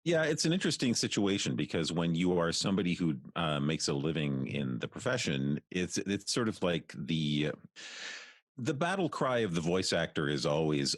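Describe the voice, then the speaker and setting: A Canadian voice actor, a man, talking through his work in a relaxed, thoughtful interview with many restarts. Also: low-pitched, normal speed, no echo, studio quality. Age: middle-aged. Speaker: voice actor guest.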